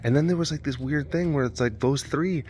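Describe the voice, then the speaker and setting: A man, an animal keeper vlogging outdoors by the enclosures, chatting in a rambling, excitable way with lots of fillers. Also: on the high side, brisk, slight background noise. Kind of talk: casual vlog chat.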